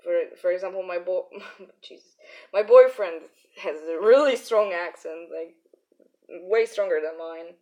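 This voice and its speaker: Slow-talking Polish-accented woman, chuckling. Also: fairly low pitch, warm tone. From Poland. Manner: chuckling often, muttering to herself while working. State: hungover. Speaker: artist streaming while drawing. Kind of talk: casual live-stream chat.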